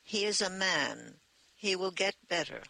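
A man's voice: sits high, lively intonation, measured pace, creaky, sharp tone, no echo, exaggerated voice. A man voicing an insolent, defiant Russian crewman who snarls.

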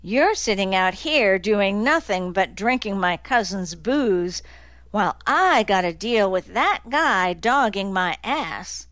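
A woman reading the lines of a big, slow-witted young man who grumbles and gets defensive. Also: medium pitch, animated, a bit bright, no room sound. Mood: sullen, grumbling.

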